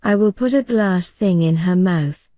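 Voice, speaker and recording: A woman's voice: on the low side, measured pace, mellow, no room sound, lightly acted. A woman voicing a fussy boy who plays a pompous doctor, hesitant and mock-solemn.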